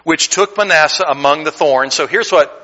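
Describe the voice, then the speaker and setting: Fervent, bright-voiced American preacher. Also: male voice, fairly high pitch, moderate pace, muffled recording. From United States. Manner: fervent preaching with self-deprecating joking asides. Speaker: pastor. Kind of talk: sermon. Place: church sanctuary.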